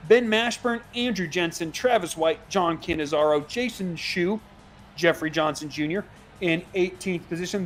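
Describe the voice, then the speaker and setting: A man doing play-by-play commentary for a sim racing broadcast, chatty and quick, laughing easily between calls. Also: sits high.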